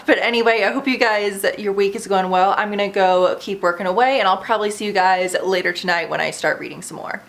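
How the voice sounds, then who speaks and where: A woman in her late twenties talks straight to her camera at home, casual and confessional. Her pitch sits in a middle range, and she keeps slipping in easy fillers like "you know" and "like" as she admits her worries. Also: steady tone, fast, few pauses. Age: 20s. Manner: chatty and candid, frequent fillers like "you know" and "like"; self-doubting, confessional. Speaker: vlogger. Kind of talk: casual vlog chat to camera.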